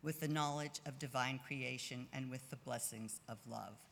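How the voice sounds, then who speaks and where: A man reading responsive prayers at a service in a measured, steady way. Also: medium pitch, vocal fry, a crowd in the background. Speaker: service reader. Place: synagogue sanctuary. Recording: echoey sanctuary with faint ambience.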